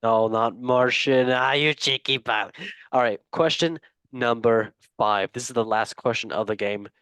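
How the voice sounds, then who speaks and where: A man's voice: medium pitch, measured pace, a bit bright, clean tone, no room sound. A man hosts a football quiz with a loose, jokey energy, laughing and cursing as he reads out the questions. His voice sits in a middle register and sounds dry and close. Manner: playful, jokey, swears and laughs often. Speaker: quiz host. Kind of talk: casual podcast chat.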